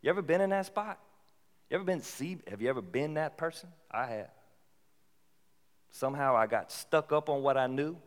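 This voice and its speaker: A man preaching a sermon in a casual, conversational way that rises into animated bursts. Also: medium pitch. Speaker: pastor. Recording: long hall reverb.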